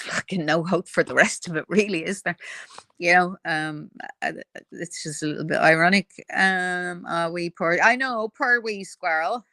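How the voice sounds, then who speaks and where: A woman's voice: fairly low pitch, sharp tone, dry recording. Woman, live-stream host, sarcastic, profane, laughs a lot, dry close sound. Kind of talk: casual live-stream chat reading viewer comments.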